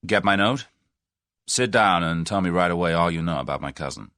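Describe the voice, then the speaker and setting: A man's voice: deep voice, expressive, a little fast, no echo, studio quality, full character voice. Brash American in his thirties, pushy and direct, voiced by the narrator, American accent. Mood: forceful. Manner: forceful, blunt.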